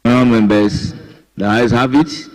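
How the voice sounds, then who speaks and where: A man presiding as speaker of parliament, calling votes in a measured, formal way. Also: mid-range voice, steady tone, a little mellow, poor audio. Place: parliament chamber.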